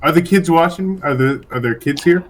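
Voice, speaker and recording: A man playing a tabletop game, excitable and swearing a lot. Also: on the high side, fairly quick, slight background noise. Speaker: player.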